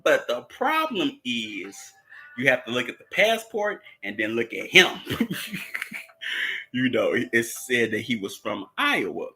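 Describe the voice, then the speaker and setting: A man's voice: mid-range voice, huge pitch swings, a little slow, sharp tone, slight background noise, rough recording. Laid-back Southern man recapping a show. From United States. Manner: rambling, laughs often, many fillers. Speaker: show host. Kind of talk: casual movie recap and commentary.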